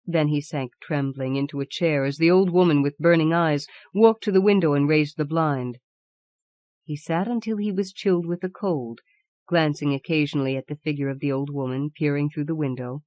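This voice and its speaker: A woman narrating an audiobook in a measured, even storytelling manner. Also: low voice, no echo, muffled recording. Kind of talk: scripted narration.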